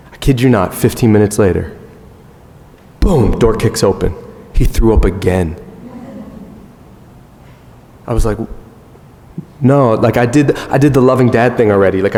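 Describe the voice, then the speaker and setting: A man in his thirties giving a conference talk, telling a self-mocking family story in an animated way. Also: medium pitch. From United States. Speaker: conference speaker. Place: large conference hall. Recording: long hall reverb.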